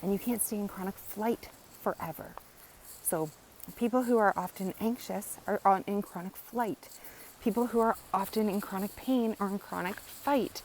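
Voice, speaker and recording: A woman's voice: mid-range voice, moderate pace, darkish tone, a little hiss or hum, rough recording. A woman educator explaining in a casual, earnest teaching monologue, often repeating phrases and checking in with "right?". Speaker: wellness educator.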